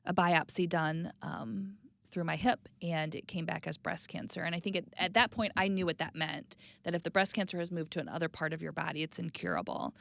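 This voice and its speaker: A woman in her thirties speaking candidly and reflectively as an interview guest, sometimes dropping to a soft, quiet voice. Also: vocal fry, no room sound. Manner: reflective, plainspoken, drops to a soft low voice on hard news.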